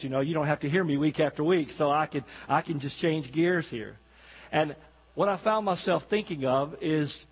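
A man's voice: a little high, husky, long reverb tail, low-quality recording. A man preaching as a guest pastor, folksy and joking, talking directly to the congregation. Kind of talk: sermon. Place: church sanctuary.

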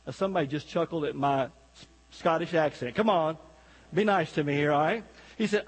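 Folksy guest preacher, male, high husky voice, long church reverb. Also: a little fast. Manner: folksy, joking, talks directly to the congregation. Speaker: guest pastor. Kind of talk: sermon. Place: church sanctuary.

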